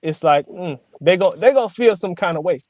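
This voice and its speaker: A man's voice: sits high, lively intonation, fairly quick, darkish tone, dry recording. Slangy man with a dry close sound. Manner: laid-back, slangy, easygoing. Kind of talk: casual panel chat.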